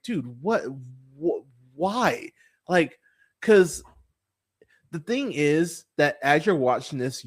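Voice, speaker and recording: A man hosting a movie podcast, ranting casually about a bad film, swearing often and stumbling through fillers and restarts. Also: on the high side. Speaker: podcast host. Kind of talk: casual movie review rant.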